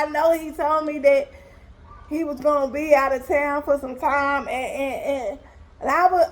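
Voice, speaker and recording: A young woman telling a personal story to her viewers in a casual, animated, emotional way. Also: sits high. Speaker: vlogger.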